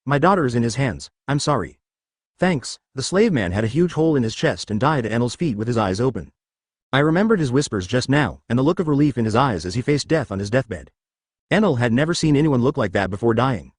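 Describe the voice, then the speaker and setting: A man narrating a story in a scripted reading style, brisk and animated. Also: mid-range voice, no room sound, studio quality.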